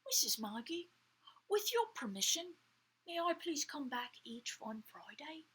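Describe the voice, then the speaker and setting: A woman voicing a cheerful female scientist from a butterfly land, with a British, Irish and Georgian accent mix and a breathy, soft manner in a children's story. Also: high-pitched, very animated, measured pace, pitched above the performer's own voice, exaggerated voice. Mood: polite.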